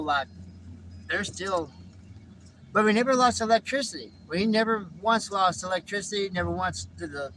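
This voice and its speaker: A man with a high voice, chatting on a live stream from inside his vehicle. He rambles and cusses casually, circling back to repeat himself, with faint outdoor noise behind him. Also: pushed and bright, rough recording. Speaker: livestreamer.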